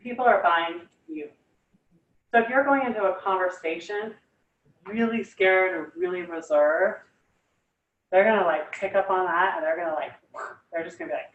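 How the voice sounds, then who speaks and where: A woman's voice: medium pitch, moderate pace, a bit bright, highs cut off. A young woman giving a casual motivational talk, enthusiastic and chatty with lots of "like" and "you guys". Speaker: guest speaker. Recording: echoey room, far from the mic.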